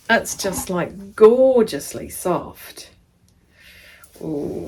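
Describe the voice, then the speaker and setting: A woman's voice: medium pitch, slow pace, slight background noise. A woman from New Zealand chatting casually while unboxing a parcel in a sewing vlog, rambling and easily delighted. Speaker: sewing vlogger.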